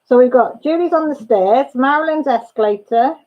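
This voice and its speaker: A woman's voice: sits high, normal speed, highs cut off. A woman hosting a casual crafting livestream from home, rambling and chatty, often breaking off mid-thought. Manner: chatty, rambling, self-interrupting. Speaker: crafting channel host.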